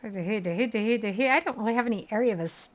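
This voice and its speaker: During a casual gaming livestream, a woman in her thirties chats with her viewers, giggling and laughing often. Her pitch is fairly high and her pace moderate.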